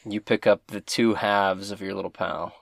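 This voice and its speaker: A man narrating a tabletop game as game master, in relaxed, descriptive storytelling. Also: fairly low pitch, normal speed, creaky, dry recording, studio quality.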